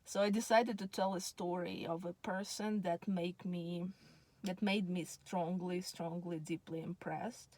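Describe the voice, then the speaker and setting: A tired-sounding Russian woman in her 30s, a native Russian speaker, tells a personal story in a chatty, wandering monologue peppered with ums. Her voice is on the low side and darkish, with fairly even intonation and an unhurried pace, recorded dry.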